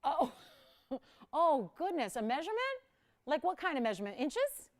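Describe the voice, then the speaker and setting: A woman hosting a live jewelry shopping auction, chatting casually with viewers and crew and laughing often. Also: normal speed. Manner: chatty, laughs often, lively swings in pitch and volume.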